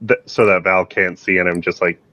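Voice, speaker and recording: Man, player, very low voice, slow halting speech, dull dry recording. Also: flat delivery, bright, forceful tone, no room sound. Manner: slow, hesitant, thoughtful. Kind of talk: casual tabletop role-play.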